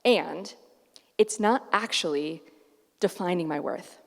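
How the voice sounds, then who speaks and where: A middle-aged woman giving a keynote talk at a conference, animated and acting out the voices she quotes. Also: fairly low pitch, slow, creaky. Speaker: keynote speaker. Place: large conference hall. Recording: echoey hall, far from mic.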